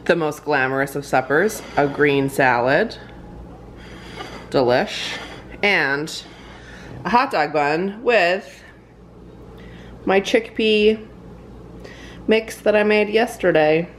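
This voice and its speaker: Speaking slowly with long pauses, a young adult woman chats in a casual home vlog. Her voice is lowish, there's a little hiss or hum, and she fills her talk with fillers and frequent laughter.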